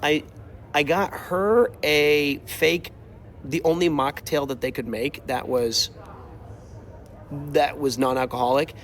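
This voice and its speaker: A man's voice: a little high, slow, pauses often, a little hiss or hum. Man ranting animatedly about a trip. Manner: animated, exasperated storytelling with acted-out quotes. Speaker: streamer. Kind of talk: casual storytelling while walking. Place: outdoors, walking. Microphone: mobile mic while walking.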